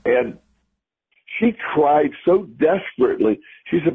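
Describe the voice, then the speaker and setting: A man's voice: medium pitch, animated, normal speed, gravelly, slightly rough. A man co-hosting a podcast, telling a story in a rambling way and repeating his words as he starts sentences. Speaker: podcast co-host. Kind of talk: casual conversation, storytelling. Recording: lo-fi phone-like audio.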